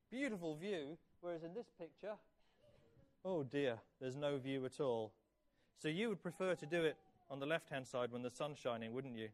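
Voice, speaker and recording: A man in his fifties telling a children's story in church, asking the kids questions and praising their answers. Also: a little high. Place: church hall.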